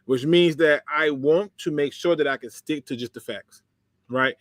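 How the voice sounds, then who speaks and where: Lively male sports streamer, sarcastic and quick to laugh, slightly high voice, dry close sound. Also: dry recording. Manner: animated, sarcastic, laughs often, talks to chat. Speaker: host of a sports livestream. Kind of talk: casual livestream commentary, reading chat.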